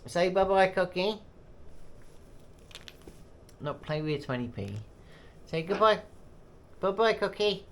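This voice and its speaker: A man's voice: high-pitched, expressive, takes it slowly, pauses often, a little hiss or hum. A man chatting to his pet bird in a vlog, with playful baby talk and cheering. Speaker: pet owner and channel host.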